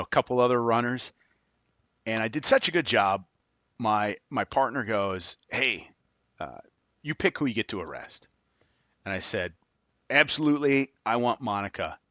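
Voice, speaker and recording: Animated man telling stories, dry close sound. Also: on the low side, no echo. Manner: animated storyteller, laughs often, acts out dialogue. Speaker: guest, former FBI agent. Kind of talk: storytelling in a podcast interview.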